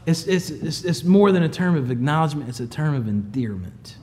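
A man preaching a sermon, moving from quiet, low storytelling to loud, emphatic high peaks. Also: a little fast, hardly any pauses. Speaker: pastor.

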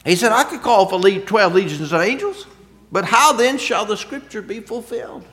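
A man's voice: high voice, lively intonation, normal speed. Man preaching with big swings in volume. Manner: conversational preaching with rhetorical questions, swinging from loud to quiet. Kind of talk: sermon.

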